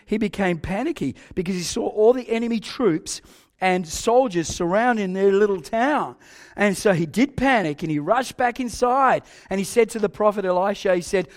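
Brief: older male preacher, high-pitched, lively sermon storyteller. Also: fairly quick. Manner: animated storytelling, swinging between soft asides and loud exclaims.

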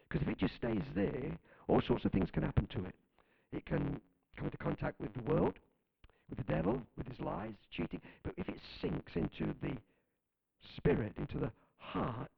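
Gravelly, lively male preacher. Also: a little high, narrow, tinny audio. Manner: fervent, emphatic preaching with calls to the congregation. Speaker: pastor. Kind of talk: sermon.

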